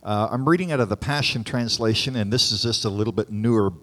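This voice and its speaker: A man, a pastor, reading scripture aloud and breaking off for relaxed, conversational asides in his sermon. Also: fairly low pitch. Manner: conversational, pauses for informal asides. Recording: long hall reverb.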